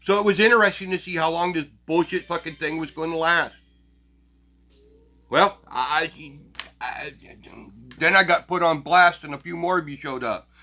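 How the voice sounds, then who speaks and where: A man with a slightly high, sharp voice talks at a moderate pace with long pauses. Hosting his own channel, he rants casually at viewers in a blunt, crass way, full of profanity and scornful laughter.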